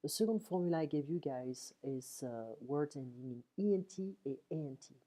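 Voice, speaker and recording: A woman's voice: low-pitched, expressive, normal speed, mellow. A woman teaching a French lesson online from home, saying phrases in English then French and checking in with "okay?" often. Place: home at night.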